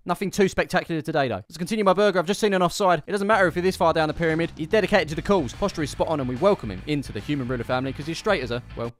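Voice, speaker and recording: A man's voice: on the high side, racing, few pauses, background noise. A man narrating a comedic football travel vlog with wry, sarcastic asides. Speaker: football vlogger. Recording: faint music behind the voice.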